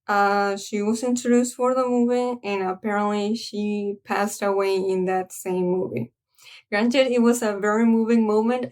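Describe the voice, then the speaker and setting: A woman giving a casual spoken film review, earnest and halting as she searches for her words. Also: mid-range voice. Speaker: anime reviewer.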